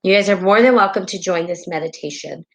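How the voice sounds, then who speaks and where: A woman's voice: on the low side, fast talker, dull audio. A woman hosting a spiritual live stream in casual talk, heartfelt and rambling, often tagging her sentences with "right?", and tearful at times.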